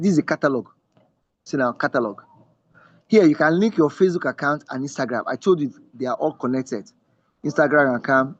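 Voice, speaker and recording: A man's voice: on the high side, muffled recording. A man teaching an online class over screen share, emphatic and often checking that listeners are following. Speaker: instructor.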